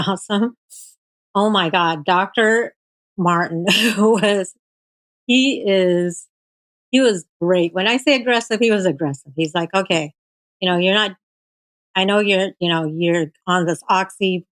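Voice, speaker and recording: Lower-voiced woman telling her story. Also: no echo, rough recording. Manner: animated, quotes her doctors, many fillers. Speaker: guest sharing her cancer story. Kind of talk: casual storytelling.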